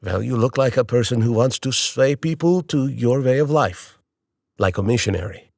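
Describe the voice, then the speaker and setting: A man's voice: mid-range voice, normal speed, gravelly, a little mellow, no room sound, studio quality. A man voicing a blunt Indian businessman with an Indian accent and short, matter-of-fact answers.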